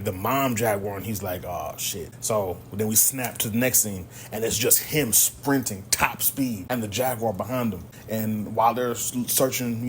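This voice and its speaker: A man hosting a podcast, retelling a film's plot casually and full of slang. He tells it with energy, in a voice of ordinary middle pitch, and faint ambient noise sits under his voice. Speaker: podcast host. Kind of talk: casual movie recap.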